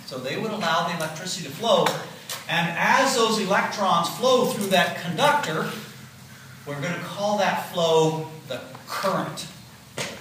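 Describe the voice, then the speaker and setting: A man in his sixties giving a physiology lecture, explaining step by step and checking in with "okay?" and "right?". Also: sits high. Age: 60s. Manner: explanatory, repeats key points with "okay?" and "right?". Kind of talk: classroom lecture. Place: lecture hall. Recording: roomy lecture hall, mic at a distance, faint noise.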